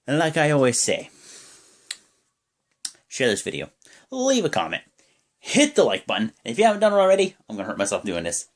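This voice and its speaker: A man's voice: fairly low pitch, normal speed, pauses often. Young man rambling through a wrestling recap. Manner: rambling play-by-play, many fillers, bursts of excitement. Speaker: wrestling reaction vlogger. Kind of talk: casual recap of a wrestling show.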